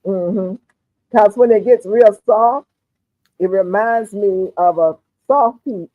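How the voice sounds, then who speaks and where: A relaxed, chatty woman with a Southern US accent hosts a casual livestream and keeps up an easy stream of talk with plenty of "mm-hmm"s. Her voice comes through thin and phone-like, with a dry sound that has no room echo. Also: medium pitch, slow. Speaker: livestream host. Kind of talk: casual chat, reading the live chat aloud.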